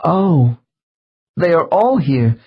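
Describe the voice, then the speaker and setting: A man voicing an emotional woman under hypnosis, tearful and joyful, whose breathless voice rises into high excited cries. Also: extremely slow, breathy edge, dull audio, full character voice.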